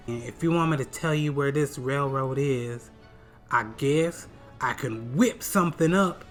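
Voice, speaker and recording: Excitable comedic recapper. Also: mid-range voice. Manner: excitable, full of sound effects and slang. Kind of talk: comedic movie retelling.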